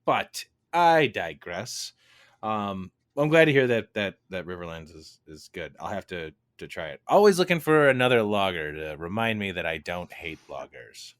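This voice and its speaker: A man with a very deep voice talks casually as a podcast co-host, rambling from topic to topic and laughing easily. The sound is dry and close. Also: big pitch swings, moderate pace, dry recording. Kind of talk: casual chat.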